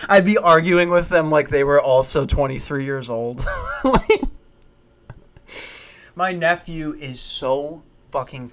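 A man's voice: mid-range voice, a bit bright. A man in his twenties talking in a casual comedic monologue, rambling, swearing, and restarting his sentences. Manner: rambling and profane, with frequent restarts.

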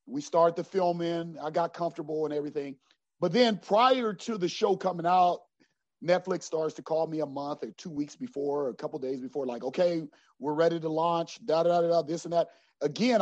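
A middle-aged man coach telling an earnest story of faith in an interview, lively at times and often dropping to a low quiet voice. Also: no room sound. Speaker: basketball coach. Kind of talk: personal faith testimony in an interview. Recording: dry, slightly dull sound.

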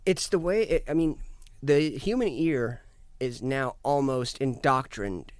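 A man in casual chat, telling wild stories with a loose, profane energy and jumping into other people's voices. His pitch sits in the middle range. The sound is close and dry. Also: unhurried, no room sound. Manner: animated, swearing, acts out quotes. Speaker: musician guest. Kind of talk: casual storytelling.

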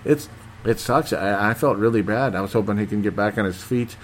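A man's voice: on the low side, brisk, slight background noise. A man hosting a casual sports talk show, reading listener comments and chatting in a rambling, hesitant way with lots of fillers. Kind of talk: casual chat.

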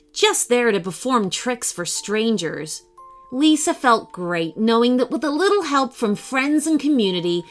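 A woman narrating a children's story in an expressive storytelling manner. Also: on the high side.

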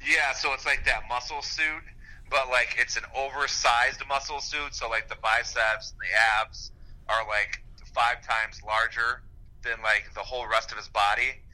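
A man's voice: mid-range voice, fairly even intonation, a little slow, bright, forceful tone. A man chatting casually over a phone call while pacing around, rambling and laughing easily. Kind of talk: casual chat.

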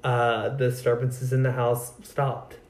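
A man co-hosting a spooky podcast tells a ghost story in a casual, chatty way, swearing freely and acting out the quotes. His voice is of middle pitch and rings in an echoey room. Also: flat delivery, measured pace, darkish tone. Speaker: podcast co-host.

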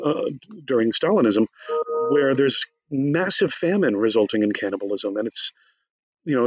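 A man discussing his book in an animated conversation, talking fast and excitedly with many asides. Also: medium pitch, no echo, highs cut off.

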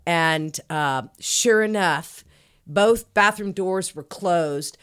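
A woman guest comedian on a podcast, telling a story with lively swings between loud and hushed delivery. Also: lowish voice, extremely slow, clean tone, no room sound, studio quality. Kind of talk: casual storytelling chat.

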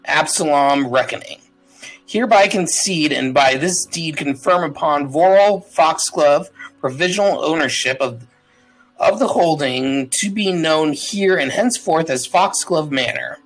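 A man reads a long legal deed aloud during a tabletop game, pausing and stumbling over the words. His voice sits a little above the usual male range. Faint music plays quietly underneath. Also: fairly high pitch, low-quality recording. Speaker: player.

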